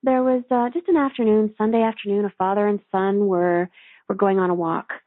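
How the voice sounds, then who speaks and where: A woman's voice: mid-range voice, fairly even intonation, no room sound. A woman spiritual teacher telling a story and leading a guided meditation, speaking earnestly and soothingly over a phone line. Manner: earnest, soothing, slow when guiding. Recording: tinny phone line, dry.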